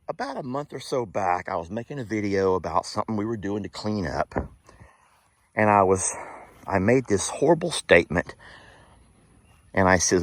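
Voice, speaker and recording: Rambling man, lively low voice. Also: moderate pace, dry recording. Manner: rambling, reflective, addresses viewers directly. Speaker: farm sanctuary video creator. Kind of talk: casual vlog monologue to viewers. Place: outdoors on a farm.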